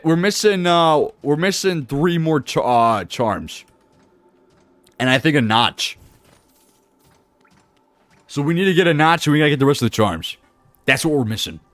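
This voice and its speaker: A man live-streaming a video game, animated, laughing and chatting with his viewers. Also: mid-range voice, no room sound. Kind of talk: live gameplay commentary.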